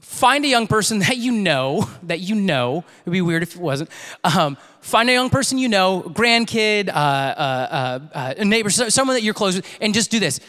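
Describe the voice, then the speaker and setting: Bright-voiced young man preaching in a hall. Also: moderate pace. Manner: animated, acts out quotes with big pitch jumps. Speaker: youth pastor. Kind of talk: sermon storytelling. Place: church sanctuary. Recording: long reverb of a large church hall.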